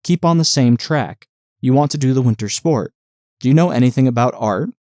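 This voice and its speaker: A man voicing a playful, quick-witted young woman who speaks in a light, teasing way. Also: medium pitch, darkish tone, no room sound, clean studio sound, natural voice.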